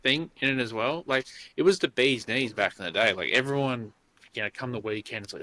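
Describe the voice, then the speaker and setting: An Australian podcast co-host in his thirties chats casually, telling rambling stories and swearing freely. His medium-pitched voice is fairly quick, bright and forceful, with lively intonation and no room sound.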